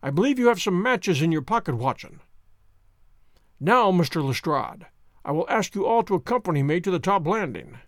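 A man's voice: high-pitched, sing-song, normal speed, fairly bright tone, no echo, clean studio sound, full character voice. A man reading a story aloud, voicing a poised, theatrical detective who speaks with precise courtesy. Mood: composed. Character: poised, theatrical male detective, fond of pomp. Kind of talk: audiobook character voice.

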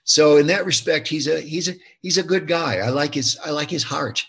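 An older man with a slightly husky voice chats through an interview, circling back and restarting his thoughts as he tells a story. His delivery is animated and conversational. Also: fairly high pitch, normal speed. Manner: expressive storyteller, many restarts and fillers. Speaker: actor interviewed about his film. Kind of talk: casual interview talk.

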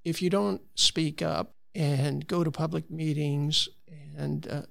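A man's voice: a little high, fairly even intonation, slow pace, vocal fry, fairly bright tone, dry recording. A man from Florida, a conservation advocate, telling stories earnestly in a conversational interview with frequent restarts. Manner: earnest, storytelling with many restarts.

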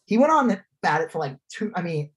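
A man's voice: sits high, very animated, fast, breathy edge. A man co-hosting a casual podcast, talking politics sarcastically and slipping into mocking impressions. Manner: sarcastic, drops into mocking voices. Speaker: podcast co-host.

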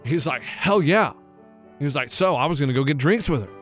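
A man's voice: racing, soft background music. A man co-hosting a casual podcast, retelling an overheard conversation and dropping his voice to mimic the people in it. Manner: retells overheard talk with lowered-voice impressions. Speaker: podcast co-host. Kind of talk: casual chat, storytelling.

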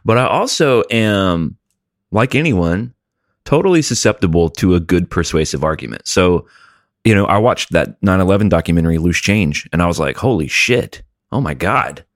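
A man's voice: low voice, expressive, moderate pace, no echo, studio quality. A man co-hosting a podcast, wry and rambling, with mock-grand phrasing. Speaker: podcast co-host. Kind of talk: casual comedic podcast banter.

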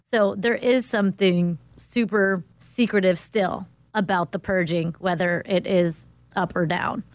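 A woman guest on a talk show, speaking in a quick, chatty, supportive way. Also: on the low side, steady tone, no echo. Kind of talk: casual podcast chat.

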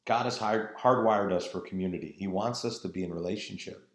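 A man's voice: sits low, a little fast. A man preaching a sermon in an earnest, emphatic way, drawing out his phrases. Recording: roomy echo.

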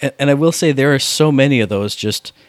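A man's voice: mid-range voice, fairly quick, dry recording. Rambling man chatting about games. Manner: rambling, lots of filler words. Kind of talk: casual chat about video games.

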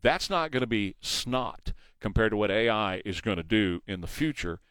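Emphatic radio talk host, dry studio sound. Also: male voice, on the low side, normal speed, a bit bright, clear, resonant tone, no room sound. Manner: emphatic, rhetorical questions. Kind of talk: morning news talk monologue.

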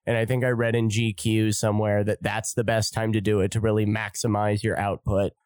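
A man's voice: fairly low pitch, little pitch movement, a little fast, darkish tone, dry recording. Flippant, sarcastic male podcast host. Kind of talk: comedic monologue.

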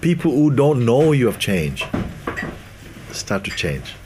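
A man's voice: mid-range voice, sing-song, slow pace, a little mellow, slight background noise. A man giving a spiritual talk to an audience, laughing often and acting out the voices of the people he quotes. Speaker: spiritual teacher.

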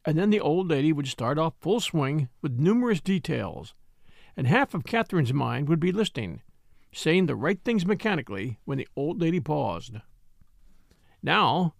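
A man narrating an audiobook in a measured storytelling manner, also voicing a wry country doctor. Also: a little high, vocal fry, no echo, studio quality. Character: middle-aged country doctor, dry and wry. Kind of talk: audiobook reading.

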